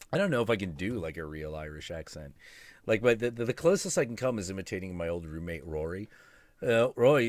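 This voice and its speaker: A man's voice: low-pitched, no echo, clean studio sound. A man hosting a live stream, chatting casually in a rambling, profane, self-mocking way. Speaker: stream host.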